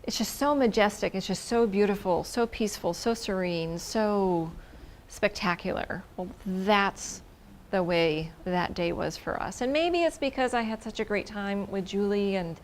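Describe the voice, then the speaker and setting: A woman telling a personal story in an expressive, effusive way, repeating words for emphasis and now and then dropping into a whisper. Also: mid-range voice, unhurried, slight background noise.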